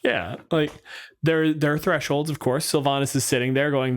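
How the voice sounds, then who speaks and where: A man co-hosting a podcast in casual chat, animated, joking and swearing freely. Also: fairly high pitch, normal speed. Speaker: podcast co-host.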